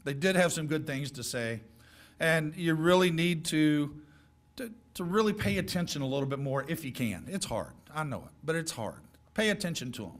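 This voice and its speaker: A middle-aged man addresses a class of high school seniors in a folksy, joking way, handing out direct advice. His voice sits a little high for a man. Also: lively intonation, normal speed. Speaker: guest speaker.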